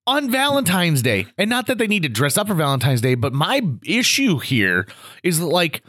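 A man hosting a podcast, telling an anecdote in a casual chat and acting out other people's lines with quick asides. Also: on the high side, huge pitch swings, bright, forceful tone, no room sound, clean studio sound. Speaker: podcast host.

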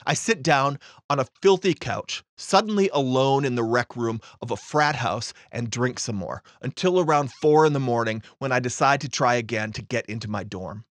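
A man narrating a personal story with dry understatement, in a matter-of-fact tone. His voice sits in a middle pitch and sounds close and dry, with no room around it. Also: normal speed, few pauses, no echo.

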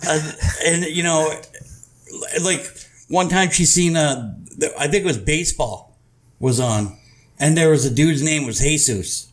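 A man hosting a podcast, telling profane stories in casual chat, with animated swings in his voice. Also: fairly high pitch, measured pace. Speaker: podcast host.

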